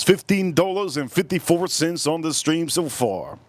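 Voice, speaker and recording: A man hosting a casual live stream, reading out chat messages and giving shout-outs, repeating his phrases and swinging between loud bursts and low mutters. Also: normal speed, hardly any pauses, no room sound. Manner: animated, reads out chat and gives shout-outs.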